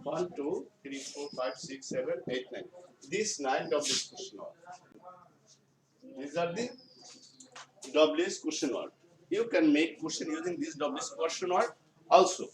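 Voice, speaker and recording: A male teacher with a Bangladeshi English accent giving a classroom grammar lesson, speaking slowly and repeating his phrases. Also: fairly high pitch. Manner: slow, repetitive explaining, often restating phrases. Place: school classroom. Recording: echoey room, far mic, noisy background.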